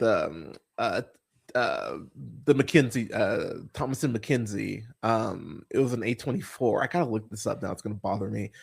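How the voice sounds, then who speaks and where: A man's voice: medium pitch, gravelly, husky. Profane rambling podcast host, a man. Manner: blunt, profane, rambling with many fillers. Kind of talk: casual podcast chat.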